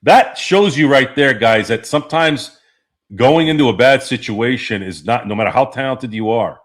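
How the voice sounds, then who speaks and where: At normal speed and with a mid-range voice, a man hosts a casual sports talk podcast stream. He rambles profanely and laughs often while responding to the chat.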